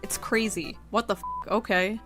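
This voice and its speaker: A woman's voice: medium pitch, fairly even intonation, normal speed, a bit bright, soft background music. A woman giving sardonic narration in a commentary video, with dry, mocking remarks.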